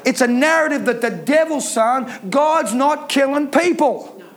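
A man's voice: very high voice, measured pace, a bit bright. A man preaching a fervent sermon, driving points home with emphatic repeated phrases. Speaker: pastor.

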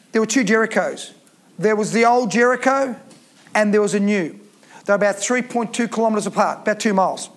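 A man preaching a Bible teaching sermon, reading scripture aloud and then explaining it plainly, slowing down to stress key phrases. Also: high-pitched.

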